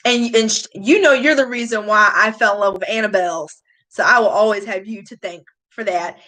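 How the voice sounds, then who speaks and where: A woman's voice: mid-range voice, a little fast, sharp tone. A woman, confiding in casual chat, emotional, sighing often. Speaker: beauty vlogger. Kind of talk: casual chat reading live comments.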